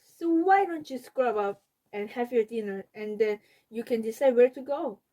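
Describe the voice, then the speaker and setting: A woman reading a storybook aloud, voicing a calm, patient mother who speaks gently and reasonably. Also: fairly high pitch, moderate pace, natural voice. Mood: gentle.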